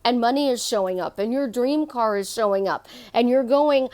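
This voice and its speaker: Middle-aged woman, life coach, high voice, emphatic and repetitive motivational talk. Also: moderate pace, hardly any pauses, darkish tone. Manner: emphatic, repeats phrases for effect. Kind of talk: motivational monologue.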